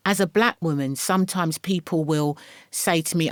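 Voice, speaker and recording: Low-voiced woman telling stories. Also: moderate pace, no echo. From England. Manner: animated storyteller, acts out quoted voices. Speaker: podcast guest. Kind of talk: casual interview chat.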